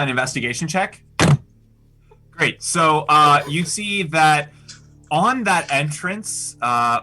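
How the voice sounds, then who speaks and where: A man playing a relaxed game master who asks for dice rolls, hesitating with lots of "uh.". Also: mid-range voice. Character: casual male tabletop game master.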